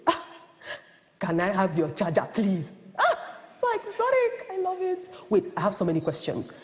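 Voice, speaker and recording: A woman voicing a naive, nosy young woman who gushes and fires off over-excited questions. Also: medium pitch, normal speed, in a large hall. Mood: gushing.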